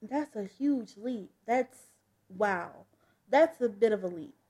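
A woman voicing a gentle adoptive mother who speaks softly and reassuringly in a comic book read-aloud. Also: medium pitch, expressive, takes it slowly, husky. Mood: soothing. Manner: soft, reassuring.

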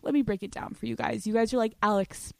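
A woman's voice: fairly high pitch, steady tone, very fast, gravelly, warm tone, no room sound. Brash, profane young podcast host, woman. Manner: brash, profane, laughs often, puts on voices. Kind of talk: solo podcast monologue.

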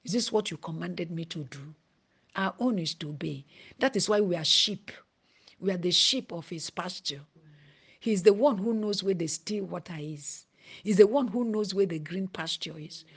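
Husky-voiced woman preaching a sermon. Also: fairly low pitch, moderate pace. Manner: drops to a hushed whisper at times, then rises emphatic.

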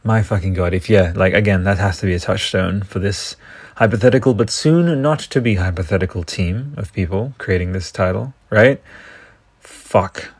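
A man's voice: low voice, moderate pace, slightly rough, no room sound. An Australian man hosting a solo podcast, rambling enthusiastically and swearing often. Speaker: podcast host. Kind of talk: casual solo podcast riffing.

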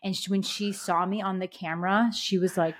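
A woman's voice: mid-range voice, a little fast. Chatty young woman telling stories. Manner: chatty, animated storytelling with many "like" fillers. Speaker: podcast co-host. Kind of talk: casual chat.

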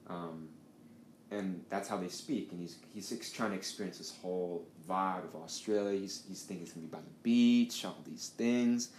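Deep-voiced male podcast host. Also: normal speed, a little mellow. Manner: rambling storytelling with frequent swearing. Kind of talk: casual conversation. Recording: echoey room with faint noise.

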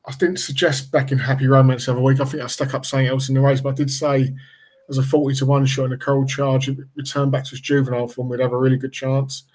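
A Cockney man talks horse racing in a casual podcast chat, his voice staying level and even with little rise or fall. He rambles a little, correcting himself and hedging his picks as he goes. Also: mid-range voice, fast. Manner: rambling, self-correcting, hedged opinions. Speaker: racing pundit. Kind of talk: casual podcast tipping talk.

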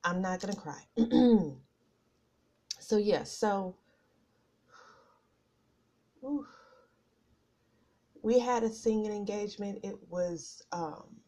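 A woman's voice: mid-range voice, slow, mellow. A middle-aged woman, hosting a casual podcast, nervous and out of breath, rambling with many fillers. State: out of breath from nerves. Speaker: podcast host. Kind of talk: casual personal chat. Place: home office at a computer.

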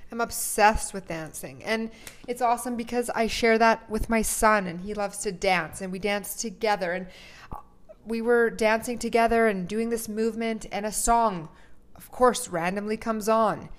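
A woman's voice: fairly high pitch, moderate pace. Upbeat spiritual woman co-host. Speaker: podcast co-host. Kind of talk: casual chat.

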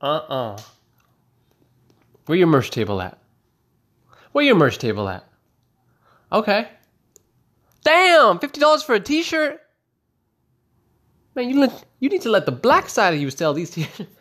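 A man doing an excitable, slangy concert security guard. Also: moderate pace, long pauses. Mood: delighted. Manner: high, exclamatory, slangy.

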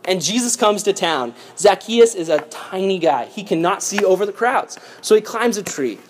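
A young adult man preaching a casual, lively youth sermon. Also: high voice, normal speed, a little hiss or hum. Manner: lively, casual storytelling with slang. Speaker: youth pastor.

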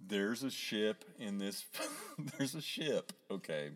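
A man co-hosting a podcast, chatting casually and laughing often as he retells a cartoon with animated energy. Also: on the low side, slow. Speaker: podcast co-host. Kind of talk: casual chat.

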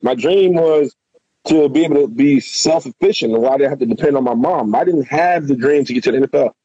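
A middle-aged man, a guest and former football player, telling a rambling, animated story in casual talk and swearing freely. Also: fairly high pitch, breathy edge, no echo, lo-fi sound.

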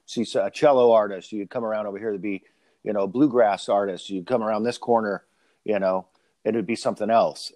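A man's voice: fairly low pitch, darkish tone, dry recording. A man hosting a casual conversation, telling long, rambling stories. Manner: rambling anecdotal storyteller.

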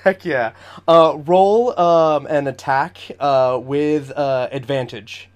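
A man's voice: a little high, slow pace, clean tone. A man running a tabletop game as game master, narrating the action vividly and chatting with frequent fillers.

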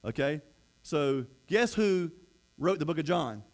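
A man's voice: fairly high pitch, animated, a little slow. A man preaching a storytelling sermon, conversational with playful asides and frequent restarts.

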